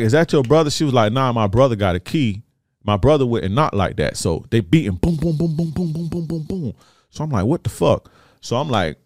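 Low-voiced man telling a street story. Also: no room sound, clean studio sound. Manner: animated, profane storytelling with acted-out quotes. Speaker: podcast host. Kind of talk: casual storytelling.

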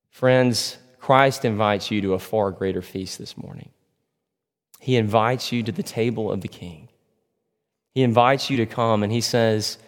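A man preaching a sermon as a pastor, earnest and slowing down to press key points. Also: fairly low pitch. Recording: long hall reverb.

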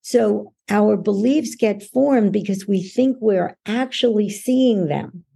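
Gravelly, husky woman explaining patiently. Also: mid-range voice, slow, warm tone. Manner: patient and instructive, acts out everyday voices to illustrate points. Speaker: podcast guest, belief-change coach. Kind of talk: explanatory interview answer.

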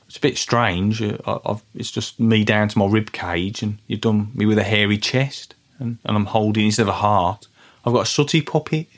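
A man hosting a comic podcast, talking in a deadpan, hesitant, rambling way. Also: on the low side, normal speed. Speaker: podcast host.

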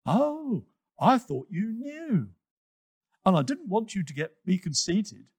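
A man's voice: high voice, big pitch swings, slow pace, breathy edge, dry recording, pitched above the performer's own voice, full character voice. A man voicing a playful, sly male animal who teases his friend in a children's story. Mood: teasing. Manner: bright, teasing, wheedling.

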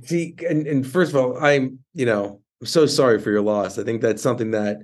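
A man's voice: mid-range voice, a little fast. A man hosting an interview podcast, telling a personal story in a casual way with many restarts. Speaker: podcast host.

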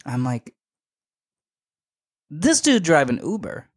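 A young man hosting a podcast, telling a story in a casual, animated and slangy way, emphatic and full of asides. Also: on the high side, slow pace, long pauses, no room sound, studio quality. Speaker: podcast host.

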